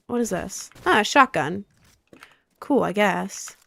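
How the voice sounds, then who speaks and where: A woman's voice: medium pitch, animated, unhurried, gravelly, long pauses, fairly bright tone, no room sound. A young woman chatting casually on a live stream while playing a game, rambling and answering her chat.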